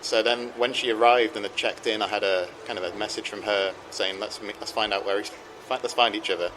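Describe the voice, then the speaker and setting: A man's voice: on the low side, fairly even intonation, a little fast, noisy background. A man co-hosting a casual roundtable chat, easygoing and rambling with many ums. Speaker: podcast co-host.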